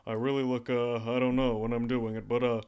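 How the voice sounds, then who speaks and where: A man voicing a serious young male character in a slow, heavy manner. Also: mid-range voice, little pitch movement, darkish tone, clean tone, close to an everyday voice. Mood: solemn.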